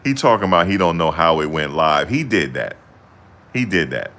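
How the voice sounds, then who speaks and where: A man's voice: low-pitched, big pitch swings, normal speed, fairly bright tone. A young man chatting casually to camera in loose, slangy banter, often laughing. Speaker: vlogger.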